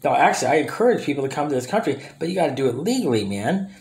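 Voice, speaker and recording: A man's voice: on the high side, sing-song, racing, creaky, darkish tone. A man ranting to camera in a confrontational way, speaking directly to absent people and often restarting his sentences. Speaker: vlogger. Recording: roomy echo.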